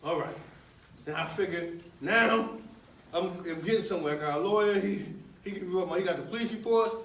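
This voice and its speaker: A man's voice: high-pitched, fairly quick, fairly bright tone. A man telling his own story in a live talk, conversational and slangy, laughing often between lines. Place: university lecture room with audience. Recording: echoey room, mic at a distance, faint noise.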